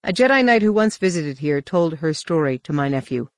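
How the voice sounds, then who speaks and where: A narrator putting on a calm male Jedi leader who speaks in a measured, courteous way. The voice sits in a middle register and is recorded dry and close. It belongs to a storybook reading. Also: medium pitch, no echo, lightly acted. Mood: earnest.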